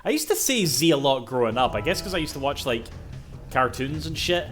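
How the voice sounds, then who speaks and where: A man's voice: mid-range voice, animated, brisk, fairly bright tone, soft background music. Rambling man streaming games. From Scotland. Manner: rambling, swears freely, laughs often. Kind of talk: casual live-stream chat.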